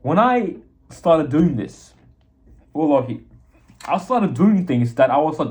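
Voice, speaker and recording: A man's voice: on the high side, big pitch swings, slow pace, a little mellow. A young man hosting a podcast, giving blunt, slangy and emphatic motivational advice in a casual monologue. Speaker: podcast host.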